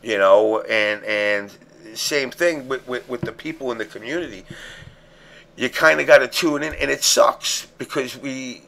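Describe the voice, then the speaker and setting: A man's voice: medium pitch, vocal fry, slight background noise. A man hosting a casual stream show, talking bluntly with a lot of swearing. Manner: blunt, profane, animated. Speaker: show host.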